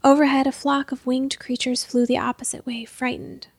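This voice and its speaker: A woman reading a story aloud as narrator, in a steady, measured way. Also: high-pitched, gravelly, no echo. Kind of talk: scripted narration.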